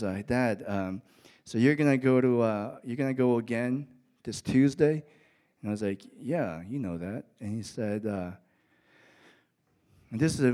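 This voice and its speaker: A man's voice: mid-range voice, mellow. Male pastor, middle-aged, sermon delivery, storytelling with emphatic climbs. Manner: storytelling, rising to emphatic peaks. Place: church with an audience.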